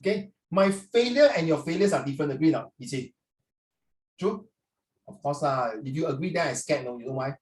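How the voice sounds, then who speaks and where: Playful teacher, roomy sound. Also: male voice, a little high, animated, brisk. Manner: playful, teasing, peppers questions with "ah". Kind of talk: online class teaching. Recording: roomy sound, distant mic.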